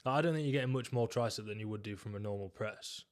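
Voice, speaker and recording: Low-voiced young man, opinionated. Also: fast. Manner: opinionated, joking, leads the ranking. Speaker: podcast co-host. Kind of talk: casual gym chat.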